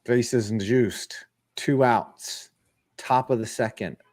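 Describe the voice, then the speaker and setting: A young man hosting a casual stream, calling baseball play by play in an animated way and often restarting his sentences. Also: medium pitch, takes it slowly. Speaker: host calling a live game.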